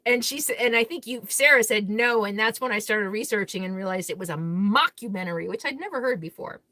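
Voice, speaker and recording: A woman's voice: medium pitch, a little fast, pushed and bright, no room sound. A woman hosting a casual live Q&A stream, reading viewer comments aloud and answering them in a candid, outspoken way with easy laughter. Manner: chatty, candid, laughs easily between remarks; blunt and outspoken.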